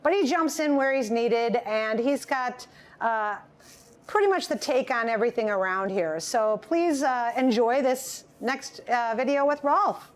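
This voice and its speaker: A woman from Wisconsin introducing a video about her brother in an unhurried way, with many fillers. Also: a little high. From Wisconsin, USA. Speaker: restaurant owner introducing video. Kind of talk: casual introduction.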